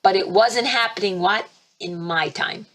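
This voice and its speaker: A woman spiritual teacher hosting a webinar, talking emphatically and fervently, with sudden leaps in pitch and loudness. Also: unhurried. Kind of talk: impassioned preaching webinar talk. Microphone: computer mic for a webinar.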